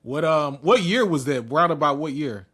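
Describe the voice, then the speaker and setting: A man's voice: a little high, lively intonation, moderate pace, a bit bright. A man in his forties hosting a podcast and chatting casually in a laid-back, slangy way. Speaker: podcast host. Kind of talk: casual chat.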